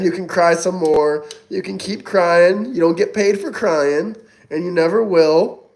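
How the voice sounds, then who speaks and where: A young man chats casually on his livestream and answers viewers one by one. His voice sits fairly high, and his manner is mocking and taunting, with plenty of swearing. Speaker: livestream host reading chat.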